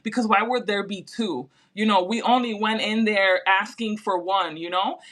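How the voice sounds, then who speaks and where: A woman telling a personal story in casual chat, animated and full of fillers. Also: medium pitch, moderate pace. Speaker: podcast host.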